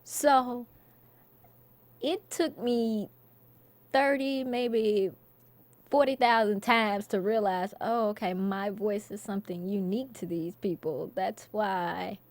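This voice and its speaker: A woman's voice: mid-range voice, fairly even intonation, takes it slowly, no echo. A woman comedian, chatting casually in an interview and laughing often. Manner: laid-back, laughs often, storytelling. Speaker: comedian guest.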